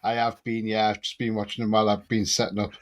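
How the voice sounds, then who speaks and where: Man, casual stream guest, relaxed hesitant answers, remote call. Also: on the low side, fast. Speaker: regular guest. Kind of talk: casual live-stream chat. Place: home setup, remote call.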